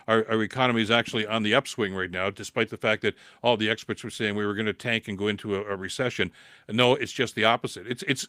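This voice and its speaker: A man's voice: mid-range voice, fairly bright tone, dry recording. Impassioned Canadian man, dry close sound. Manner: impassioned, repeats words, rising to emphatic peaks. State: recovering from a cold, dry throat. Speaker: podcast host reading viewer comments. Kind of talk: live political call-in commentary.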